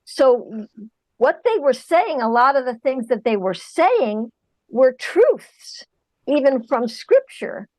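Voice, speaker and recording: A woman's voice: sits high, big pitch swings, slow pace, a little mellow, dry recording, rough recording. A woman in her forties, a guest recounting her inner journey in an earnest, searching way. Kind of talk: reflective personal account.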